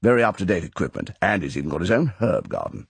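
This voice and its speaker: A man's voice: deep voice, sing-song, fast talker, gravelly, breathy edge, no echo, full character voice. A man voicing a stern older male spymaster who lectures in a clipped, commanding way, from an audiobook reading. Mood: brisk.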